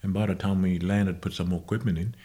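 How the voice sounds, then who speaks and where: A man, a guest musician, recalling his past in a casual interview with unhurried, halting, self-correcting speech. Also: low-pitched, steady tone, warm tone. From Australia.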